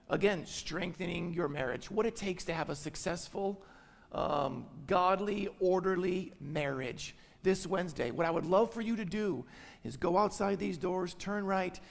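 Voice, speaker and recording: A man preaching from the pulpit with a high voice and a gravelly edge. He drives his points home by repeating key phrases, and his words ring out with a long hall reverb. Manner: emphatic, repeats key phrases, tags lines with "right?". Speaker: pastor. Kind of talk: sermon. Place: church sanctuary.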